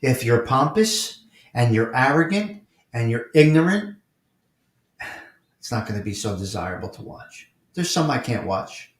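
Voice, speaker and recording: A man's voice: medium pitch, sing-song, unhurried. A man with a New York accent hosting a casual live morning chat stream, answering viewers by name and repeating his points with emphasis. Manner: repetitive and emphatic, addresses chatters by name. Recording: roomy echo.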